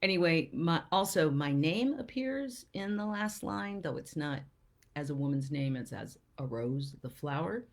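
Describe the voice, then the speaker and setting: A woman poet hosting a live show, chatting and reading verse aloud, often sinking into soft near-whispers with bright upward lifts. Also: sits low, expressive, measured pace. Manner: lets phrases sink into soft near-whispers. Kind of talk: live-streamed poetry talk and reading.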